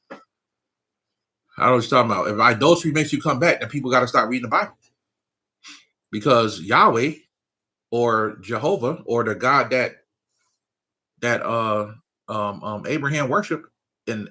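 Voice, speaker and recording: A man's voice: mid-range voice, sharp tone. A man, giving a casual, loose spiritual talk to his viewers, often asking if they follow him. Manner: loose, conversational preaching with frequent laughs and "you know what I'm saying". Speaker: spiritual teacher.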